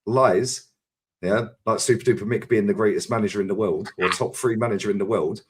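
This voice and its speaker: A man's voice: on the low side, a little fast, a little hiss or hum. A man co-hosting a live stream, giving opinionated, sweary banter. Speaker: stream co-host. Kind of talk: casual live-stream chat.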